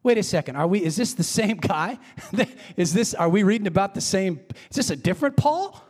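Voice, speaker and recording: A man preaching a sermon as pastor, emphatic and swinging from high excited emphasis to quiet, hushed prayer. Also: brisk. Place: church sanctuary. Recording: reverberant hall.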